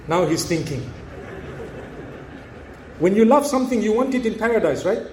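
A man preaching a sermon, telling a story and acting out the dialogue in an animated way. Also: high voice, normal speed, pauses often, roomy sound, a little hiss or hum.

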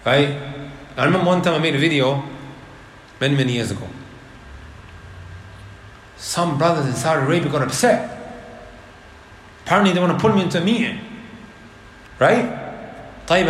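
A man giving a religious lecture to a live audience, animated and asking the crowd rhetorical questions. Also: on the high side, slight background noise. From Leicester, England. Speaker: Islamic preacher. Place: indoor hall with an audience. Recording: roomy lecture hall.

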